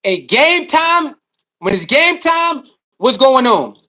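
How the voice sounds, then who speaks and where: Speaking slowly in an extremely high-pitched voice, a man delivers an animated sports commentary rant. He repeats himself for emphasis, asks rhetorical questions, and talks straight to his audience.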